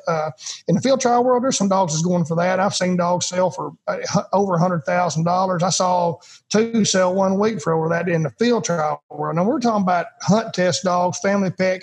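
Husky, high-pitched man talking dogs. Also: fairly quick. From United States. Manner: emphatic, folksy, repeats words. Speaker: retriever trainer, podcast guest. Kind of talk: casual interview talk.

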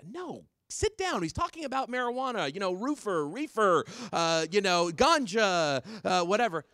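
A woman's voice: mid-range voice, very animated, normal speed, a bit bright, no echo, studio quality, voice pushed up. A man voicing a flustered female vice principal who hurriedly brushes off a student.

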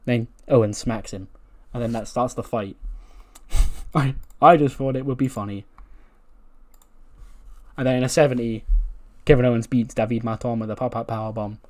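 This gaming commentator has a medium-pitched, darkish voice with fairly even intonation, normal speed and long pauses. He chats his way through a wrestling simulation, cracking himself up and swearing occasionally.

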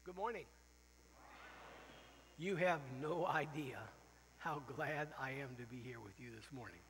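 A man's voice: a little high, a little slow, fairly bright tone, long reverb tail, slight background noise, low-quality recording. A man who is a missionary pastor preaching a farewell sermon, earnest and openly emotional, repeating phrases for emphasis. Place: church sanctuary.

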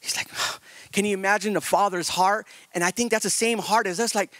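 A male pastor preaches with a high, tense, sharp voice, recorded dry and close with no room echo. He rushes up into loud, high emphasis, then slows down and drops low. He keeps pressing his listeners with repeated rhetorical questions. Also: steady tone. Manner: swings from loud, high-pitched emphasis to slow, hushed stretches; repetitive, rhetorical questions to the congregation. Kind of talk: sermon.

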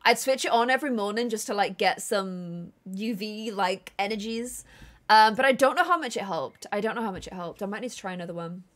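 A woman's voice: medium pitch, fairly quick, a bit bright. A woman from England, chatting casually with viewers on a live gameplay stream and reading chat aloud.

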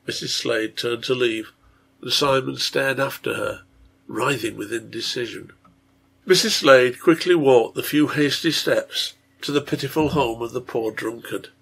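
Gravelly-voiced man reading a story aloud. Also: mid-range voice, a bit bright. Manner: measured storytelling. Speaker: reader, translator. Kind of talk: reading a translated novel aloud.

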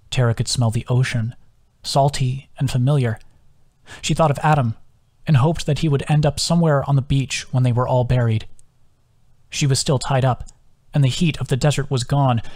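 Reading his own novel aloud, a man uses a steady, measured audiobook delivery at a middling pitch. His narration stays even, and he lowers to a hush whenever a quoted line is whispered.

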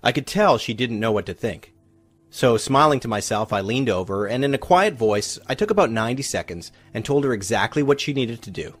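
A man, a relationship coach, narrating a scripted first-person story in an animated, confiding way. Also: mid-range voice, a little fast, slightly rough, faint music behind.

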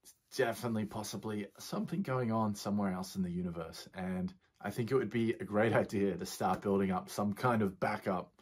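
A relaxed man talks through a science reaction video, loose and chatty, with slang dropped along the way. His voice is on the low side and a bit husky, with a breathy edge. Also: fairly quick. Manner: relaxed and chatty, laughs often, slang like bro. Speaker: physicist YouTuber reacting to a series. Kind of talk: casual reaction commentary.

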